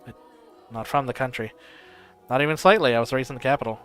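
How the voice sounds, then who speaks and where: A man's voice: mid-range voice, fast talker, a bit bright, clear, resonant tone, faint music behind, lightly acted. A man voicing a young female servant who talks timidly and stammers. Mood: eager.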